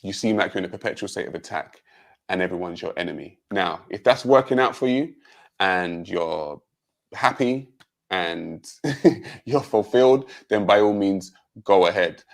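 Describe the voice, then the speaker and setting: Deep gravelly British man. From Jamaica. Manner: measured, pointed, many um fillers. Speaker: panel guest. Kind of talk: livestream debate rebuttal.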